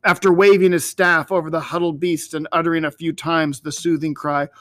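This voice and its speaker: A man reading a story aloud in a measured, expressive storytelling manner. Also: a little high, no echo.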